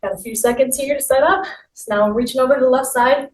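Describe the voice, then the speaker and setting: Here the instructor's voice is high-pitched and she talks quickly while guiding the workout class with cheerful, motivating prompts as she goes. The audio comes from a distant mic in a roomy space, with a faint layer of noise.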